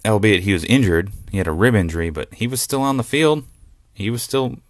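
A man with a very low, deep voice talks through a close podcast mic in a dry, dead room. He rants with excitement, swears freely and breaks into laughs often. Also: brisk, no room sound. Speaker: podcast host. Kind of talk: solo sports podcast rant.

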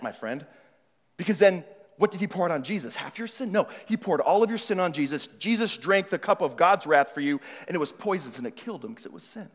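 A male pastor preaching, moving between hushed, searching questions to the congregation and loud, emphatic passages. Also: a little high, animated, fast. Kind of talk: sermon. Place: church hall. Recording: long reverb of a large hall.

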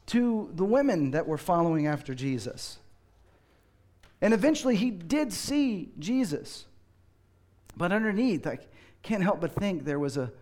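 A man preaching a sermon with earnest conviction. His voice sits slightly above the usual male range. He often slows down and drops to a quiet tone to press a point home. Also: high voice. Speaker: pastor.

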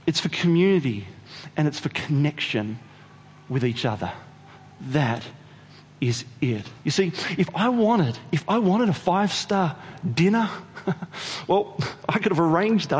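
A man voicing Jesus as a patient, gentle teacher in a sermon retelling, speaking softly and without hurry. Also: on the high side, slightly rough, long reverb tail. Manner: soft, unhurried, reassuring.

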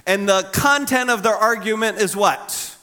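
A middle-aged man delivers a Sunday sermon, relaxed and conversational, with a fairly high voice. His tone is bright and forceful. He acts out quotes with lively jumps in pitch. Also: moderate pace, faint music behind. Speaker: pastor.

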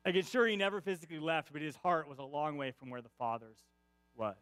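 A male pastor with a high voice gives a casual, conversational sermon, checking in with his listeners again and again. He repeats his main points for emphasis, and the sound is dry, with no room echo. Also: expressive, fast, a bit bright, clean tone. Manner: peppers points with "right?" tag questions; repeats key lines for emphasis.

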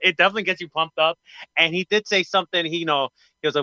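A man hosting a casual wrestling podcast, with a very bright, edgy voice that sits a little high. He talks in an animated way and gets hyped or grumbles as he goes. The recording is dry and somewhat dull, like a lo-fi podcast mic. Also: very fast, no echo. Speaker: podcast host.

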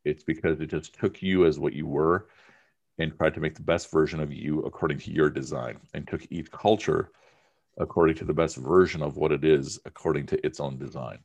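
Male teacher with an extremely low, deep voice, chatty and emphatic in class. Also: steady tone, a little fast, vocal fry, a little mellow. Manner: conversational, emphatic, uses many fillers. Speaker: religion teacher. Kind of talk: informal class discussion.

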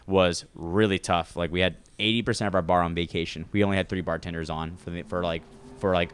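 A young man who works as a bartender, telling stories in casual chat, full of filler words and animated quoting. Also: low voice, a little fast, smooth. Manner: animated storyteller, lots of filler likes.

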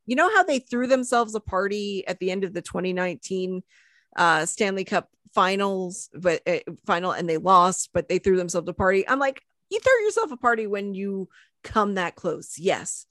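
A woman's voice: mid-range voice, lively intonation, moderate pace, a bit bright, no echo, clean studio sound. A woman hosting a casual sports podcast, rambling and self-deprecating with lots of fillers. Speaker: podcast host.

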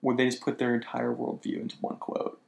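A man co-hosting a casual chat, animated, swearing now and then and laughing often. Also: medium pitch, fairly quick, creaky. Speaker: podcast co-host.

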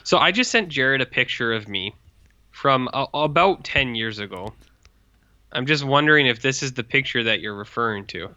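A man's voice: mid-range voice, expressive, normal speed, pushed and bright, no room sound, dull audio. A man in casual chat, teasing and playful.

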